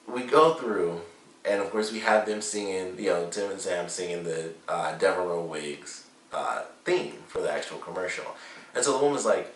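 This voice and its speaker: Casual male reviewer, deep voice, rambling and amused; recorded off-mic in a roomy space. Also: fairly bright tone, far from the mic. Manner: rambling, amused, lots of fillers. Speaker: show reviewer.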